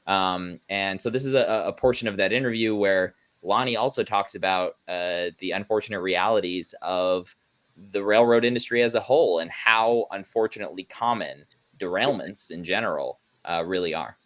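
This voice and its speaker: A man with a deep, low-pitched voice speaks as a guest journalist. His tone is earnest and he explains things plainly in a conversational interview. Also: normal speed, fairly bright tone.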